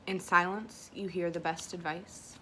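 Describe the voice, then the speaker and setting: Reading affirmation cards during an at-home unboxing vlog, a woman speaks in a lowish, fairly even, unhurried voice over slight background noise. A bit teary from crying, she comes across as emotional and self-conscious, soft and tearful at moments.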